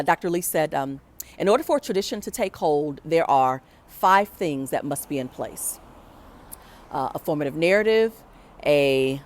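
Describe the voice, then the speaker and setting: Reflective woman telling a personal story. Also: low-pitched. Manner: reflective, acts out quoted voices.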